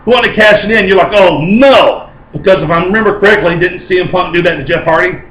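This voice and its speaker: A man giving an excited, rambling casual video review, often correcting himself as he talks. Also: high voice, fast, echoey room, rough recording. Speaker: vlogger reviewing wrestling.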